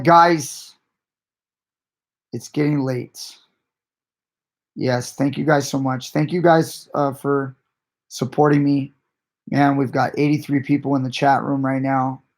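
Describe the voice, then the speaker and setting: A man coaching grappling, chatting on a late-night live stream in a rambling, conversational way that often restarts sentences. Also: mid-range voice. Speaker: jiu-jitsu coach and channel host.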